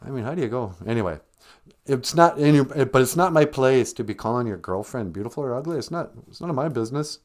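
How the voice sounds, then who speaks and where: A man's voice: medium pitch, lively intonation, fast talker, a little mellow. A man hosting a comedic live-stream language lesson, teasing a pretend caller in a blunt, chatty way. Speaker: Ojibwe language teacher and host.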